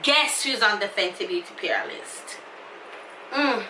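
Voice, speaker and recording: A woman's voice: medium pitch, lively intonation, a little slow, recorded from a distance, noisy background. A woman with a Jamaican accent talking to her viewers in a casual, emotional, effusive vlog. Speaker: YouTuber. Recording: echoey room, somewhat off-mic.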